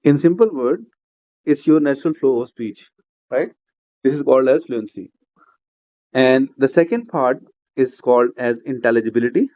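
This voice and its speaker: A man's voice: mid-range voice, moderate pace, pauses often. A man teaching a speaking-exam class, explaining step by step with "uh" fillers and frequent "right?" checks. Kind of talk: classroom lecture. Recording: slightly dull lo-fi recording.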